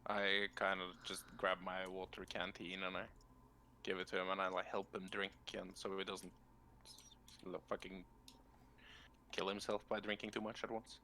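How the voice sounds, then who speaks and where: A man's voice: low-pitched, little pitch movement, moderate pace, pushed and bright, a little hiss or hum. A man playing in a tabletop game, talking casually and swearing now and then. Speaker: player. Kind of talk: tabletop role-play.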